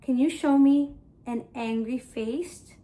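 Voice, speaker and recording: A woman teaching a language lesson for toddlers, talking slowly and playfully while acting out feelings. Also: high voice, dark tone. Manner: slow, playful, exaggerated emotions for kids.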